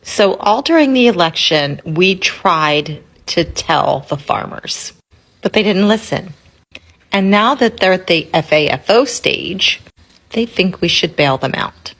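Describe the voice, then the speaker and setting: A woman's voice: lowish voice, lively intonation, a little slow, fairly bright tone. A woman ranting about politics, sarcastic and scolding, with swearing. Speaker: commentator. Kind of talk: angry political rant.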